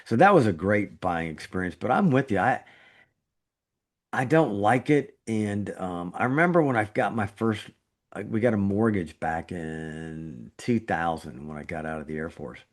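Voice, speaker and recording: A man's voice: lowish voice, animated, normal speed. A middle-aged man, a surgeon co-hosting a podcast, telling a story in casual chat, his voice jumping up when he gets indignant. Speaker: trauma surgeon, podcast co-host.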